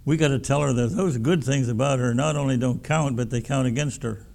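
Gravelly-voiced man preaching a folksy sermon. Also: mid-range voice, fairly quick, a little mellow. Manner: folksy, emphatic preaching with repeated words. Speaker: pastor.

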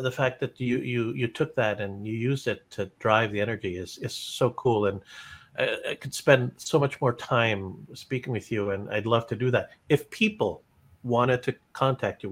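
A man hosting an interview podcast, full of praise and stumbling over his words with frequent restarts. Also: mid-range voice. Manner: warm praise with many restarts. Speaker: podcast host. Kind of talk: interview chat.

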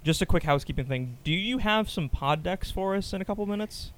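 A man hosting a podcast, chatting casually with a jokey, upbeat manner and quick questions. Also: high-pitched, expressive, fairly bright tone. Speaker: podcast host.

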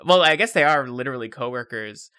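A let's play commentator chatting casually over gameplay, hesitant and quick to laugh. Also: mid-range voice, expressive, bright, forceful tone, clean tone, dry recording, studio quality.

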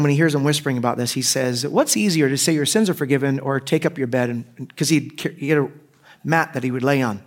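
A middle-aged man delivers a relaxed, conversational sermon as a pastor. His voice sits a little higher than most men's. He jokes freely and slips into the voices of the people in his stories. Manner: conversational and joking, acting out quoted voices. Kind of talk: casual sermon.

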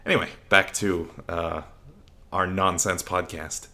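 A man's voice: low-pitched, fairly even intonation, unhurried, over a noisy crowd. A man co-hosting a casual podcast, rambling with lots of fillers as he explains basic Japanese. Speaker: podcast co-host.

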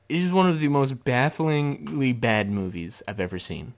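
A man hosting a podcast, reviewing a movie in casual solo chat, animated and laughing often as he slips into mock voices. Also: medium pitch, a little slow, creaky. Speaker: podcast host.

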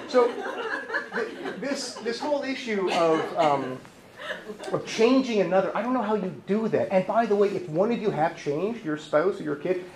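A man, a therapist, giving a lively, humorous conference talk and acting out voices. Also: high voice, normal speed, reverberant, noisy background. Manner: lively and joking, acts out voices. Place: conference hall.

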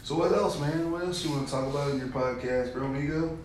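A man's voice: fairly high pitch, fast, darkish tone. A man co-hosting a casual podcast chat, blunt and teasing, swearing freely, talking into a studio mic while wearing headphones. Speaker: podcast co-host. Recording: echoey room with faint noise.

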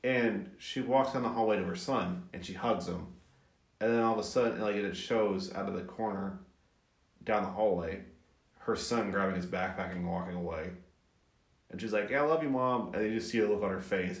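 A man chatting on a podcast, retelling a movie in an animated way, swearing and laughing often. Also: sits low, fairly quick, echoey room. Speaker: podcast co-host. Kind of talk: casual chat.

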